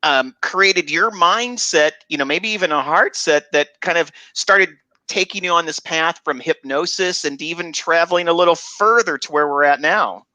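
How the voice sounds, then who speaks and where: A man hosting a radio interview, talking haltingly with many restarts and warm praise for his guest. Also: a little high, no echo. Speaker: host. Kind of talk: casual interview chat.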